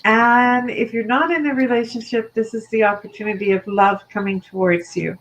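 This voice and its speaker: A woman co-hosting a live online stream, giving gentle advice from drawn cards. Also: fairly high pitch, fairly even intonation, normal speed, low-quality recording. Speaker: psychic card reader. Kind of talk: live online card reading.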